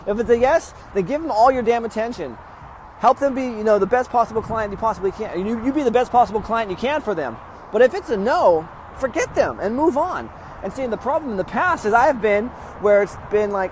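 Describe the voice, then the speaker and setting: A man's voice: high voice, a little hiss or hum. A man hosting a real estate investing podcast, telling a story bluntly and acting out quoted exchanges, recorded outdoors. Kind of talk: casual motivational monologue.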